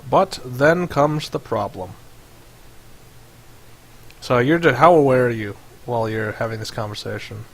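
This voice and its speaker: A man's voice: medium pitch, a little slow, long pauses. A man narrating as game master over voice chat in a loose, filler-heavy way. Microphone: headset or desk mic on voice chat.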